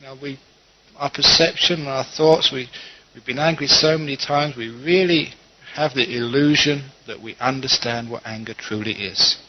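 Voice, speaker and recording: A middle-aged man gives a Buddhist dharma talk as a monk, teaching in a gentle, conversational way and slipping into quoted asides. His voice sits at an ordinary pitch. The recording is dull and lo-fi. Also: normal speed, background noise.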